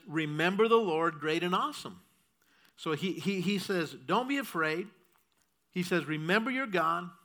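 A male pastor preaching with a high, bright voice. He drives his points home by repeating key phrases and keeps turning to the congregation with questions. His delivery stays firm and urgent. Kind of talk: sermon.

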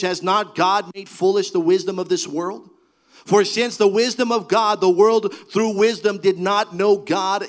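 A man preaching a sermon, building to fervent, half-sung cries, then dropping to a low, earnest delivery. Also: poor audio. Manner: preaching with rising, shouted fervor. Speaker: pastor.

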